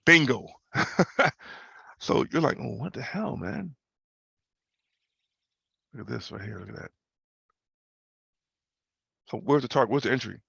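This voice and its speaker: A man's voice: medium pitch, expressive, normal speed, creaky, pauses often, pushed and bright, breathy edge, no echo. A man hosting a casual trading talk over a video call, loose and slangy, repeating himself and tagging questions onto his points. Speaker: host. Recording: muffled video call audio.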